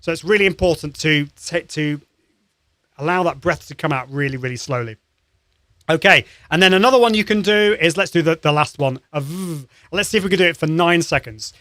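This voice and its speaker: Upbeat man coaching voice warm-ups. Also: a little high, a little fast, no echo, studio quality. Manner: upbeat and encouraging, demonstrates sounds; conversational with frequent restarts. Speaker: live-stream show host, voice coach. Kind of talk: live-streamed voice warm-up lesson.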